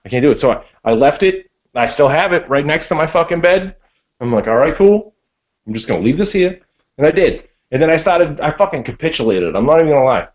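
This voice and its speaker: A man's voice: on the high side, a little fast. Swearing guy from massachusetts telling a story on a call, voice jumps all over, kinda muffled. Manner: profane, animated storytelling. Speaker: panelist. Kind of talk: casual storytelling on a group call. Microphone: online video call. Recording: dull lo-fi call audio.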